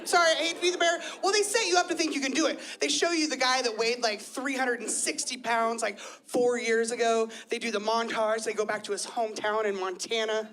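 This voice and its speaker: Barely pausing, a woman in her thirties talks a little fast in a slightly high voice during live club stand-up. Her style is chatty and self-deprecating with lively quoted voices, and the audience laughs along on the recording.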